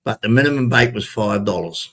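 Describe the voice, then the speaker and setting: A man's voice: fairly low pitch, expressive, a little fast, slightly rough. Chatty older man telling a story. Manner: chatty, repetitive, addresses viewers as ladies and gentlemen. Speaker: vlogger. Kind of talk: casual storytelling to camera.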